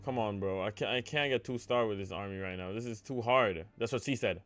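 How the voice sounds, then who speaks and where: A man's voice: on the low side, a little fast, faint music behind. A young man streaming a live game, chatting with his viewers and crying out in dismay when plays go wrong. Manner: excitable, talks to chat, cries out when things go wrong. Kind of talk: live gameplay commentary.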